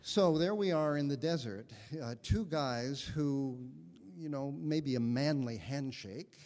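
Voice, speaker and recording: A male guest minister delivers a sermon at an unhurried pace, weaving a personal story with gentle humor. His voice sits in a middle register. The sound carries a long reverb, as in a sanctuary. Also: mid-range voice. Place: congregation sanctuary.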